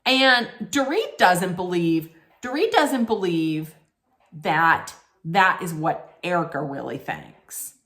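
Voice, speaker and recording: A woman's voice: fairly low pitch, lively intonation, slow, a bit bright. A woman hosting a casual TV recap, chatty and rambling, often correcting herself mid-sentence. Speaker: host.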